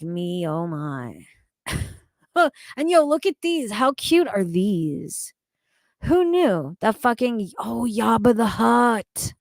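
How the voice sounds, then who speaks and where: A woman's voice: medium pitch, dry recording. A woman streaming casually, talking to her chat, swearing freely and laughing often. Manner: loud, profane, laughing often.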